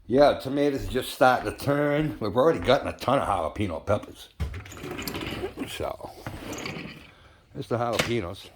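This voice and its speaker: A middle-aged man hosting a model building vlog, telling a story in a chatty, excitable way with lots of fillers and restarts. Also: mid-range voice, moderate pace, long pauses, heavy background noise. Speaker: model building channel host.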